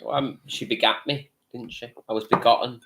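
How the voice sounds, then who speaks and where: A man co-hosting a live stream in casual chat, playful and quick with comedy quotes and one-liners. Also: mid-range voice, fairly even intonation, fairly bright tone, rough recording.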